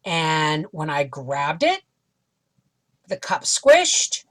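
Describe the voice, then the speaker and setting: A woman's voice: low voice, very animated, drawn-out words, a bit bright. A middle-aged woman vlogger animatedly retelling a frustrating experience in a casual storytelling way. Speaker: homestead vlogger.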